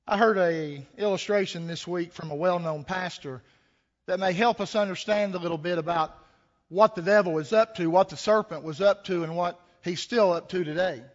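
A man with a high voice gives a sermon as a pastor, moving at a moderate clip. The tone is down-home and conversational, built around rhetorical questions and a simple folksy story, heard through echoey, muffled lo-fi audio from a hall.

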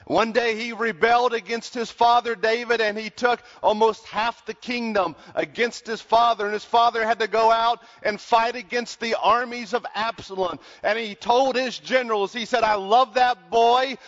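A man preaching a sermon in earnest, slowing down to stress his points, in a large hall. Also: very high voice, fairly even intonation, fairly bright tone. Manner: earnest, slows down to stress lines. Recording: dull sound with long hall reverb.

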